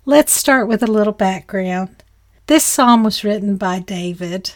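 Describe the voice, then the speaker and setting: An earnest woman leading a devotional Bible teaching at a steady, mid-range pitch. She talks in plain terms and drops in folksy asides between points. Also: a little slow.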